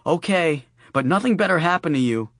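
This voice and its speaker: A man's voice: a little high, expressive, fairly quick, a bit bright, no room sound, pitched above the performer's own voice. A male narrator voicing a brash adult woman who talks bluntly and swears, with a dry close recording. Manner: brusque, teasing and swearing.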